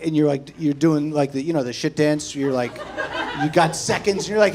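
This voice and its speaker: Brash, profane stand-up comic in his thirties, high-pitched, pushy delivery. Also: a little fast, a crowd in the background, background noise. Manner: brash, profane, keeps tagging lines with "okay?". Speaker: stand-up comedian. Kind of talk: stand-up set. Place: comedy club stage before a laughing audience.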